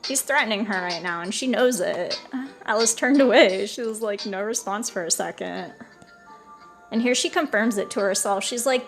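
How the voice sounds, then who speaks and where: A woman's voice: mid-range voice, moderate pace, soft background music. A woman in casual let's play commentary, chatty and full of "like", retelling the game's story. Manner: chatty, says "like" a lot, laughs. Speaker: let's play host translating a game.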